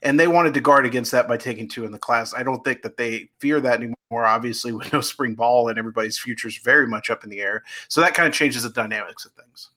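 A man's voice: mid-range voice, fast talker, hardly any pauses, bright, forceful tone. A man appearing as a guest recruiting reporter, talking in a loose, chatty way full of fillers and restarts. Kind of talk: casual podcast chat.

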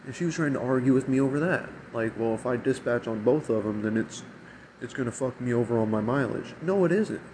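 A restaurant shift manager rants casually and profanely about a bad night at work, speaking briskly at an ordinary middle pitch with fairly even intonation. When quoting people he slips into mocking voices. A faint air conditioner hums behind him amid a noisy background.

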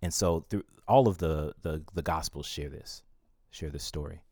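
A man hosting a devotional podcast, reading scripture and reflecting on it earnestly and emotionally, his voice climbing when moved, with some halting restarts. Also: extremely low pitch, a little mellow, no echo, studio quality.

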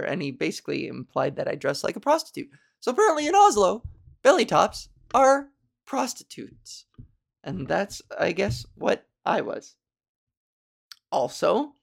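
A woman's voice: medium pitch, creaky. A woman comedian hosting a podcast, telling stories in a casual, chatty way with wry, self-mocking asides. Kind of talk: casual comic storytelling.

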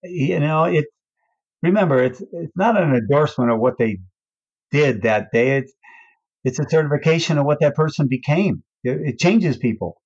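Older man telling an animated story. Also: moderate pace, breathy edge, no room sound. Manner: acts out quoted voices with big pitch swings. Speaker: race announcer. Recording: dull, dry recording.

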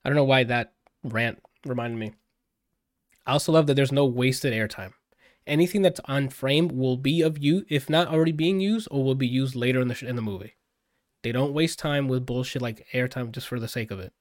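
A man's voice: mid-range voice, brisk, dry recording, studio quality. A man in a casual podcast chat, gushing over a film he just saw, swearing freely and rambling with fillers. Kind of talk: casual movie review chat.

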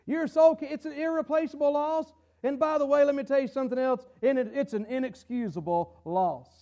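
A man preaching a sermon to his congregation, stumbling over repeated words and rising to shouts for emphasis. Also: very high-pitched, a little fast. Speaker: pastor. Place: church sanctuary. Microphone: camera-recorded.

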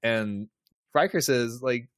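A man's voice: mid-range voice, slow pace, no room sound, clean studio sound. A man co-hosting a podcast, recapping an episode in laid-back casual chat, chuckling often and using lots of fillers. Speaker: podcast co-host.

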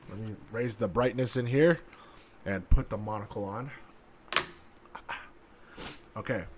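A man's voice: on the low side, measured pace, husky. A man giving heated, profane ranting commentary in an aggressive, sarcastic manner. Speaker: online commentator.

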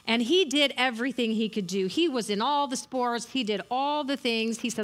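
A woman's voice: fairly high pitch, lively intonation, fairly quick, a bit bright, rough recording. A middle-aged woman giving a sermon, telling a story in an earnest, encouraging way. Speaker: church speaker.

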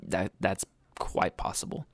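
A man's voice: a little slow, no room sound. A young adult man co-hosting a podcast in casual chat, enthusiastic and rambling, with plenty of slang. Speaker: podcast co-host.

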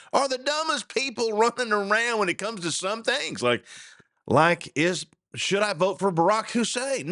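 Animated, ranting talk-show man. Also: sits high, dry recording, clean studio sound. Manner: animated, ranting, chuckling asides. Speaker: radio talk show host. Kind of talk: casual opinion talk.

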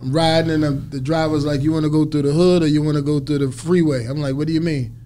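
Male interview guest, storyteller who acts out every quote, a little high-voiced. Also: quick pace, faint music behind. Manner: animated storyteller acting out quotes.

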